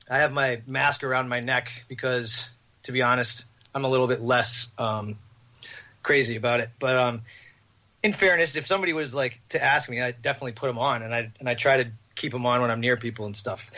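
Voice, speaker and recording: A man on a podcast, telling a rambling, animated story with laughs. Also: medium pitch. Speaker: podcast host. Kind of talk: casual storytelling.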